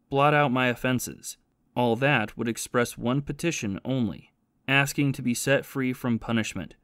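A man reading the part of a learned male scholar in an audiobook, earnest and measured as he teaches about prayer. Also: medium pitch, no room sound, clean studio sound, close to an everyday voice. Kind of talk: audiobook reading of a spiritual classic.

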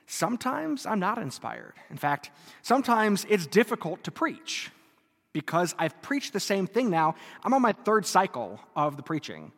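Casting: a joking, self-deprecating priest in his thirties, bright high voice, echoing church. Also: very animated, moderate pace, creaky. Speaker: Catholic priest. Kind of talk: sermon. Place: church before a live congregation. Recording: reverberant church hall.

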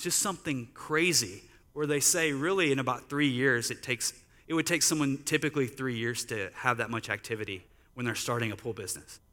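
A man's voice: medium pitch, pushed and bright, long reverb tail. A man preaching a sermon in a conversational storytelling manner, using lots of "like" fillers. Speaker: pastor. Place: church sanctuary.

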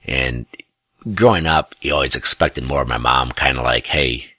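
A man's voice: extremely low pitch, moderate pace, sharp tone, slightly rough, no echo, studio quality. A middle-aged man, telling a family story in a rambling, self-correcting way, often chuckling. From US Midwest. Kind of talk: casual personal storytelling.

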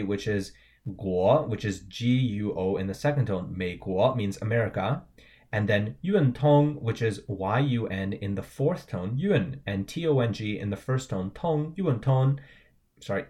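A man co-hosting a language lesson podcast, chatting casually as he spells out pinyin letters and tones for learners. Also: lowish voice. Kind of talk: casual teaching banter.

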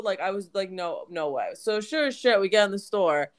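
A woman's voice: mid-range voice, animated, moderate pace. A woman co-hosting a podcast, telling a story in casual chat, full of "like" fillers. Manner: chatty storyteller, many "like" fillers. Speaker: podcast co-host.

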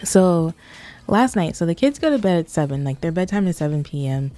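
A woman's voice: fairly low pitch, animated, brisk, mellow. A woman co-hosting a podcast, chatting casually and telling stories with many "like" fillers. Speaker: podcast co-host. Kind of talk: casual chat.

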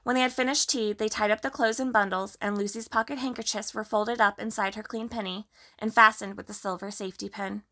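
A woman narrating a children's storybook in a gentle, measured way. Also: medium pitch, steady tone. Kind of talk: storybook reading.

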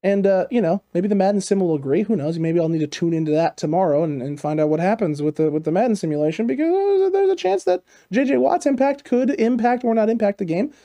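A man hosting a casual football analysis show, talking in an animated way with repeated emphatic phrases. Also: high-pitched, fast, few pauses. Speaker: sports show host.

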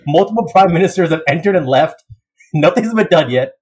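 A young man in casual chat, telling a story with lots of laughs and quick put-on voices. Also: a little high, breathy edge, rough recording. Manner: animated storytelling, laughs often, slips into voices.

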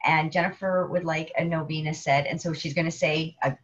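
A woman co-hosting a casual faith chat, telling stories with lively asides and acting out the people she quotes. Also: deep voice, a little fast, slight background noise. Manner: animated storyteller, acts out quoted people. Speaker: podcast co-host. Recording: dull lo-fi sound.

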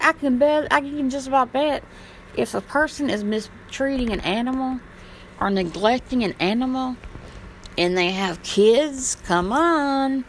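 A woman's voice: high-pitched, slight background noise, poor audio. A woman talking straight to camera in a casual vlog, blunt, rambling and impassioned, swearing freely. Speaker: vlogger. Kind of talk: casual monologue.

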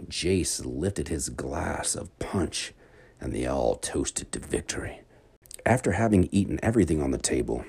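Deep-voiced man telling a bedtime story. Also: gravelly, breathy edge. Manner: expressive, dramatic read-aloud.

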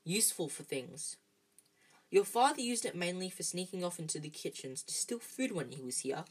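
A whimsical, dreamy old wizard headmaster, as a woman reading aloud puts him on, musing gently and wryly. The voice sits low and a little husky, with a soft, unhurried storybook feel. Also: big pitch swings.

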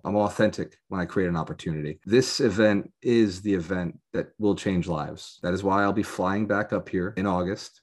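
A man giving a fervent motivational sales pitch to a live audience as a business coach, rallying listeners with repeated emphasis. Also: a little mellow, breathy edge.

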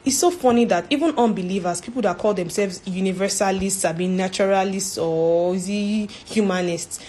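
A woman's voice: mid-range voice, normal speed, dark tone. A woman giving an informal faith talk as a church speaker, earnest, repeating herself and ending points with "right?".

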